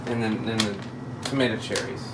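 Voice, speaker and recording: A man's voice: on the low side, fairly even intonation, a little fast, recorded from a distance. A man in casual home chat with his wife, goofing around playfully as he shows off groceries. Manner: playful, goofy. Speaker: husband on his day off. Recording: off-mic, echoey and noisy room.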